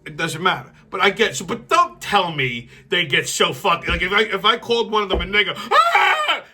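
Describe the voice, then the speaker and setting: Male host, blunt and profane, fairly high voice with a sharp, forceful edge. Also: brisk. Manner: blunt, heated, swears constantly. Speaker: show host. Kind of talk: profane political commentary rant.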